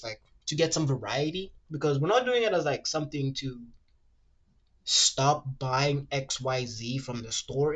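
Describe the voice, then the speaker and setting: A man streaming casually while he draws, rambling and ranting, swearing freely and reading web answers aloud in a quick mumble. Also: fairly bright tone. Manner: rambling, ranty, swears freely, fillers like "low-key" and "like"; reads web search results aloud in a rushed mumble. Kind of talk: casual livestream chat while drawing.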